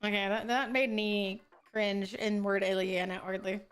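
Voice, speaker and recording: A woman's voice: medium pitch, level tone, a little slow, smooth. A young woman streaming a game, chatting casually with over-the-top, profane outbursts. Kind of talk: casual game livestream chat.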